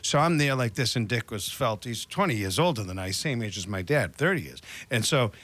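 A man's voice: medium pitch, lively intonation, brisk, fairly bright tone. An older man hosting a casual chat, a jovial storyteller who chuckles often. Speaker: host.

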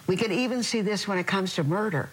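An older woman, a religious sister, telling earnest, animated stories in an interview. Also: mid-range voice, quick pace, slightly rough, rough recording. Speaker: religious sister in prison ministry. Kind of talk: storytelling interview.

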